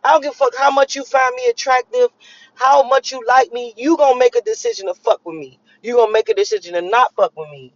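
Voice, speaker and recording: A woman's voice: high-pitched, expressive, fast talker. A woman speaks straight to her viewers in a loose, motivational vlog. She is blunt and profane, and she preaches as her thoughts wander from point to point. The recording sounds dull and lo-fi. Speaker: vlogger. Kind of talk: casual motivational talk to viewers.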